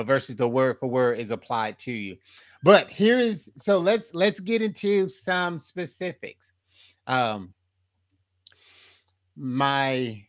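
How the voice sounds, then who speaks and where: A man's voice: mid-range voice, fairly bright tone, no echo. Dry-voiced man hosting a podcast. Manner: thoughtful, hesitant with frequent ums. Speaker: podcast host. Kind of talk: casual conversational podcast talk.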